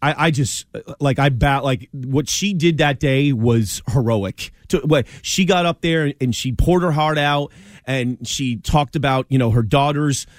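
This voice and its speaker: Male sports talk co-host, emphatic and stammering, mid-pitched, dry close studio sound. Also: unhurried, no echo. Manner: emphatic, stammering restarts, opinionated. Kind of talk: sports talk radio banter.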